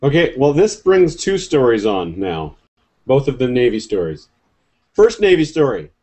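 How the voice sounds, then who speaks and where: A man's voice: mid-range voice, huge pitch swings, moderate pace, darkish tone, breathy edge. A man on a casual podcast, chatting and setting up stories in a dry, wry way. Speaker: podcast host. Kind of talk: casual chat.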